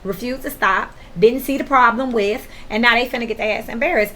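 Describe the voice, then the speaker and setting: Woman, tarot reader, casual reading, blunt and profane, bright forceful voice, faint background noise. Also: on the high side, fairly quick, hardly any pauses. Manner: blunt, profane and worked-up, with sudden laughs; talks straight to the viewer, slangy and emphatic.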